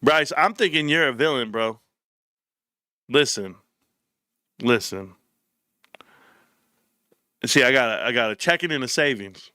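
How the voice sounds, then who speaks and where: A man's voice: medium pitch, fast, hardly any pauses, pushed and bright, dry recording, clean studio sound. A man hosting a casual livestream, reading comments and telling loose, profane stories with frequent laughter. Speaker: livestream host.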